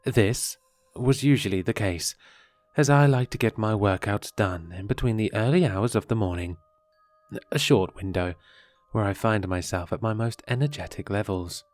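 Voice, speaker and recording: A man narrating a horror story in a measured, dramatic way. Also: on the low side, no room sound. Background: faint music.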